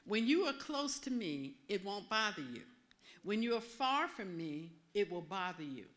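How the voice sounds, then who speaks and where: Calm, measured God figure, voiced by a woman minister. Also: mid-range voice, voice pushed down. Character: God speaking calmly, male.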